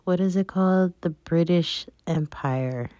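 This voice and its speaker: A woman's voice: on the low side, measured pace, warm tone, dry recording. A woman hosting her own show, chatting casually and rambling with plenty of fillers. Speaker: podcast host. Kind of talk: casual solo chat.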